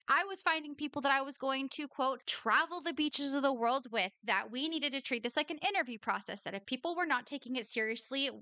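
A woman's voice: a little high, pushed and bright, no room sound. Blunt, swearing woman podcast host. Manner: blunt, exasperated, swears often. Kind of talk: commentary on an old recording.

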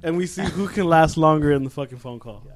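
A man in his twenties co-hosting a podcast, excitable and casual, laughing often and swearing freely. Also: fairly high pitch, a little fast. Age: 20s. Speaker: podcast co-host. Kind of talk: casual chat.

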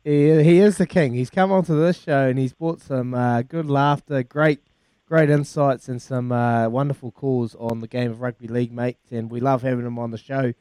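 A man's voice: medium pitch, steady tone, normal speed, dark tone, clear, resonant tone, dry recording. A man, hosting breakfast sports talk radio with upbeat enthusiasm. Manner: upbeat, enthusiastic, hesitant when thinking. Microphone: studio mic.

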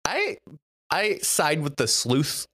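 A man's voice: fairly high pitch, slow, no room sound, studio quality. A young man co-hosting a casual podcast, reading list entries aloud and reacting with frequent laughs. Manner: animated, laughs often, reads quotes with mock gravity. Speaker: podcast co-host.

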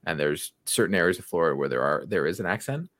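A man's voice: deep voice, fast talker, dry recording. A man with a slight Canadian accent, co-hosting a podcast in casual, rambling chat. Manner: rambling, animated storyteller. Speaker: podcast co-host.

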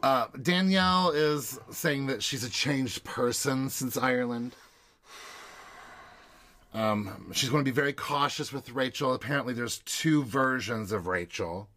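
A man's voice: medium pitch, pushed and bright. Easygoing man recapping a show. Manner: brisk, easygoing recap narration. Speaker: podcast co-host. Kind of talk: casual chat recapping episodes.

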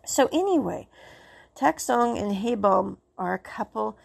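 Rambling woman with vocal fry. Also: medium pitch, animated, measured pace. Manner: rambling, keeps saying "so anyway". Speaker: drama reviewer. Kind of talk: casual plot recap and review.

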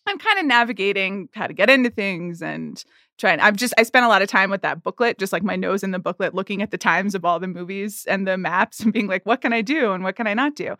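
A woman co-hosting a casual film podcast, talking in a chatty, halting way with many restarts. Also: mid-range voice, expressive, pushed and bright, no echo, studio quality. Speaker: podcast co-host. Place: at a film festival.

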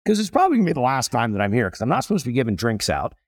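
A man's voice: medium pitch, huge pitch swings, racing, no room sound, clean studio sound. A middle-aged man, a celebrity chef guest, telling stories with energy and emphasis in a casual conversation.

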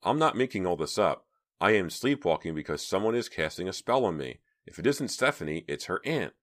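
Male narrator playing a panicky teenage girl, voice pushed higher, wide swings. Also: sing-song, a little fast. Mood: inner doubt. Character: anxious frightened teenage girl.

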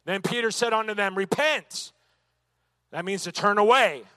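A man's voice: high voice, normal speed, pushed and bright, dry recording. A man teaching a church Bible lesson, emphatic and dotted with "amen" and rhetorical questions.

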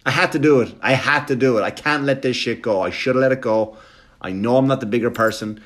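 A man doing stand-up, telling a long story in a quick, animated, profane way. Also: medium pitch. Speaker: stand-up comedian.

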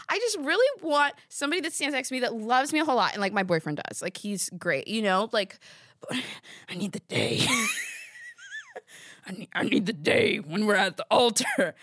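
A woman's voice: a little high, a bit bright, dry recording. A young woman hosting a podcast in a studio, chatting casually in a rambling, giggly, self-deprecating way. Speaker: podcast host. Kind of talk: casual chat.

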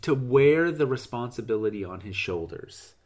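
A man's voice: medium pitch, animated, normal speed. A man co-hosting a podcast in casual chat, trading dry, sardonic jokes. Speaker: podcast co-host.

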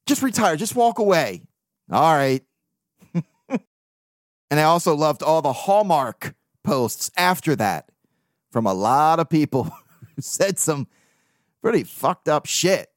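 A man's voice: fairly high pitch, expressive, takes it slowly, long pauses, dry recording, clean studio sound. A man hosting a sports podcast, venting bluntly and profanely in casual talk. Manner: blunt, profane, venting, with mocking put-on quotes. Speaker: podcast host.

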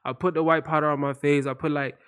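A young man who makes comedy videos, chatting as a podcast guest. His voice sits a little high for a man. He rambles through stories in loose street slang, full of "like" and "you feel me". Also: level tone, fast talker, a bit bright, smooth. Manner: loose, slangy storytelling with many fillers. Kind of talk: casual podcast chat.

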